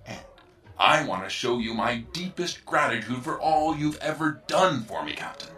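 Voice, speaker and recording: A man's voice: medium pitch, big pitch swings, moderate pace, pushed and bright, recorded from a distance. A man doing an oily scheming computer. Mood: fawning. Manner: oily, fawning, sinister. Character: scheming, falsely fawning male ship computer.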